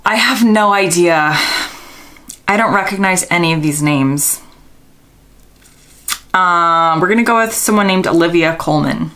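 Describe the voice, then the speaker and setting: A woman's voice: on the low side, measured pace, long pauses, a bit bright. A young American woman vlogger, casually thinking aloud and second-guessing herself while answering quiz questions. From United States.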